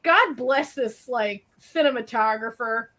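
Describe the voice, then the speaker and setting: A woman co-hosting a casual stream from home, telling stories animatedly with quick asides and frequent laughter. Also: fairly high pitch, bright, forceful tone. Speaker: co-host of a colouring stream. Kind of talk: casual chat. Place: at home, dryer running nearby.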